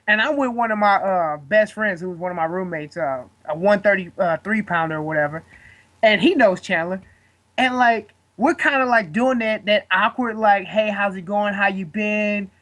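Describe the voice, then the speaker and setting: A man's voice: high voice, moderate pace, a bit bright. A man in his twenties, a guest fighter, telling a story in casual chat, rambling and swearing with lots of fillers.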